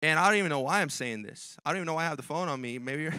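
A man's voice: fairly high pitch, lively intonation, very fast, sharp tone, smooth, no echo. A male pastor preaching a sermon in a church, emphatic and direct with the congregation, often repeating his key phrases. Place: church sanctuary.

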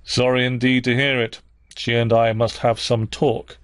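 A man voicing a stern older clergyman with a solemn, harsh manner, asking grave questions slowly. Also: mid-range voice, flat delivery, no room sound, clean studio sound, lightly acted.

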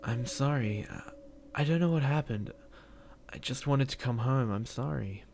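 A man's voice: mid-range voice, normal speed, background noise, pitched above the performer's own voice, natural voice. A man voicing a frightened young boy in a storybook reading, screaming and pleading in a raised voice. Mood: tearful apology.

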